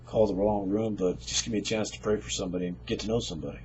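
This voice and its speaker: A man's voice: fairly low pitch, steady tone, rapid-fire, a little mellow, a little hiss or hum, low-quality recording. A man casually telling a personal faith story in a conversational, folksy way. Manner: conversational, folksy, with fillers and chuckles. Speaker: storyteller sharing a faith testimony.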